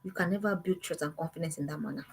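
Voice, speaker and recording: A woman's voice: low voice, rapid-fire, vocal fry, breathy edge, rough recording. A woman, giving an emphatic motivational talk to parents as a parenting coach and firing off repeated words and rhetorical questions.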